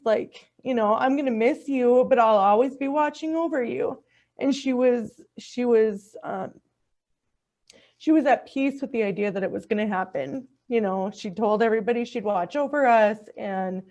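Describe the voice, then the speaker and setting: A middle-aged woman telling a personal story in conversation, earnest and heartfelt, often restarting her sentences. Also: lo-fi sound. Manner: acts out quoted speech in a higher, softer voice. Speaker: podcast guest.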